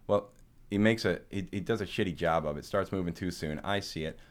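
A man with a very deep voice tells a story in a relaxed, chatty way. He swears freely, laughs along and often restarts his sentences. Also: brisk. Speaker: podcast co-host. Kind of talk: casual storytelling chat.

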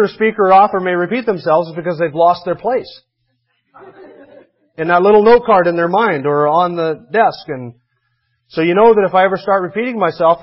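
A man's voice: on the high side, husky, lo-fi sound. A man preaching a sermon as a pastor, in a conversational way with dry humor and emphatic repetition.

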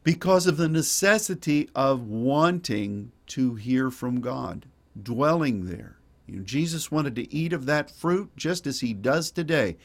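A man's voice: medium pitch, lively intonation, measured pace. A male pastor preaching a sermon in a folksy, digressive way with wry asides.

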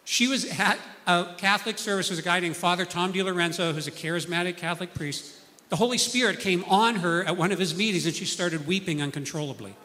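A man's voice: high-pitched, brisk, bright, forceful tone, big-room sound. A man preaching a sermon, telling stories earnestly and acting out the people he quotes.

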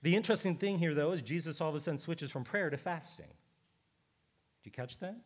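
Male pastor, middle-aged, slightly high voice, conversational preaching with emphatic repetition. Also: quick pace. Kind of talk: sermon.

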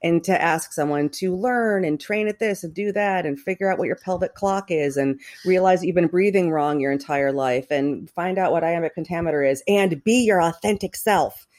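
Low-voiced woman, rambling and wry. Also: normal speed, hardly any pauses, a little mellow. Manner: rambling, self-interrupting, wry. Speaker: podcast guest, actor. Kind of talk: casual interview chat.

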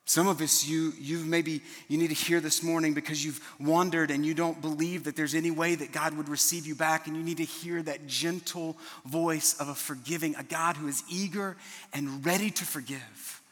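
A man's voice: a little high, steady tone, normal speed, a bit bright, in a large hall. A middle-aged man preaching a sermon as a pastor, earnest and often restarting his words.

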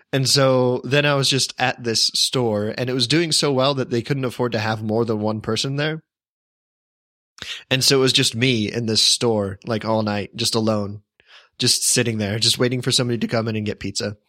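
A man's voice: medium pitch, steady tone, normal speed, sharp tone, no room sound, studio quality. A young man co-hosting a podcast, telling a long story in casual chat with frequent restarts and self-deprecating asides. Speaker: podcast co-host.

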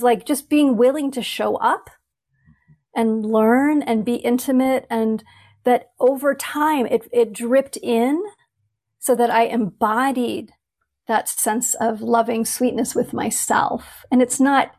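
Reflective woman, slightly high voice, earnest, searching phrasing with restarts. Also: fairly even intonation, a little slow, a little mellow. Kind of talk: reflective casual conversation.

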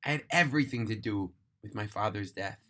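A man's voice: lowish voice, brisk, pushed and bright, voice pushed down. A man voicing a young man who learns of his father's death, strained and emotional, in a read-aloud story. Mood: grieving. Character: young man, rebellious then grief-stricken son.

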